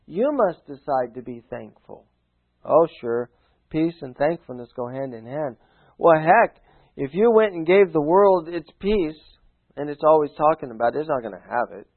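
A man's voice: a little high, lively intonation, normal speed, narrow, tinny audio. Folksy preacher man, phone-thin sound. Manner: folksy, exhorting, swings from loud to hushed. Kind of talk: sermon.

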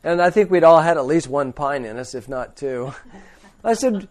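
A man's voice: on the high side, lively intonation, a little slow, darkish tone. A man preaching in a casual way, telling a long rambling anecdote with frequent chuckles and blunt asides. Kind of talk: informal storytelling sermon.

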